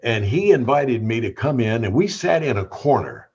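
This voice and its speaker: An older man with a gentle Southern drawl, spinning a long anecdote and stumbling over restarts as he goes. His voice is slightly husky, and the recording sounds a little dull and lo-fi. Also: mid-range voice, expressive, moderate pace. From Tennessee. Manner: warm anecdotal storyteller with repeated restarts. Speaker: guest, veteran radio DJ. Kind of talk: storytelling interview.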